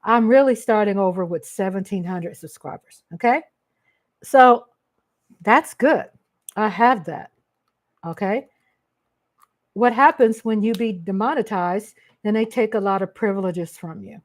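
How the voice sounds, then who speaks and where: A woman's voice: mid-range voice, measured pace, pauses often. A woman from Texas, hosting a casual livestream, talking emotionally and ranting straight to her viewers. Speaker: livestream host. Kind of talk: casual live-stream chat.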